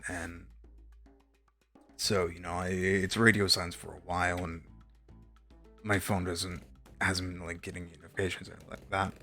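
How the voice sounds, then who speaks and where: Young man, from Texas, low voice, rambling game-stream chat, fillers and swearing. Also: a bit bright. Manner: rambling storyteller, lots of fillers, casual swearing. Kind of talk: casual chat while gaming.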